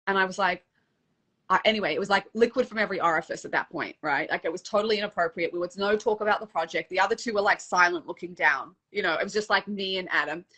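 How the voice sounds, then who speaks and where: A middle-aged woman, a dating coach, telling a personal story in a casual interview, animated and emotional, acting out the quotes. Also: fairly low pitch, fast.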